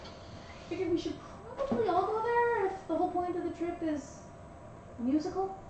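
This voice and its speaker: A woman's voice: very high-pitched, expressive, normal speed, darkish tone. A woman playing a tabletop game, asking dry, skeptical questions. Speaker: player. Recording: very echoey room, distant mic, faint hiss.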